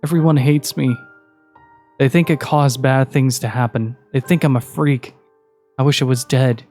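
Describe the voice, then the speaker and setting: A man voicing a bullied young girl who speaks softly and subdued. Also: medium pitch, fairly even intonation, moderate pace, faint music behind, close to an everyday voice. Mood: despairing. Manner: soft, subdued.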